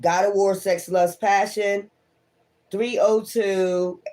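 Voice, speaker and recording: His high-sitting voice has a darkish tone and fairly even intonation as he gives a laid-back tarot reading. The man talks right to his viewers, full of laughter and swearing, and quickly acts out what they might be thinking.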